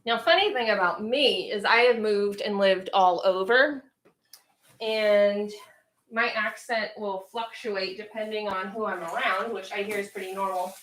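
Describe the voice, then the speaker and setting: A woman's voice: medium pitch, a little slow, a bit bright. A woman from Central Virginia hosting a home livestream, chatting casually with viewers and reading their comments aloud. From Central Virginia, United States. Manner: chatty, musing, reads chat aloud. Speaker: livestream host. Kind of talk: casual chat with live viewers.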